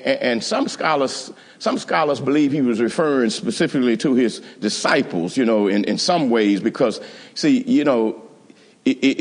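A man's voice: fairly high pitch, husky, long reverb tail. A man preaching a sermon, emphatic and rousing, calling out to his congregation and often restarting his phrases. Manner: calls out to the congregation.

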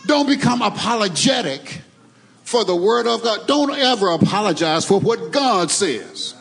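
A man's voice: high-pitched, big pitch swings, a little slow, creaky, a bit bright, husky, low-quality recording. A man preaching a sermon to his congregation, emphatic, with a sing-song cadence and asides to the crowd. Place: church sanctuary.

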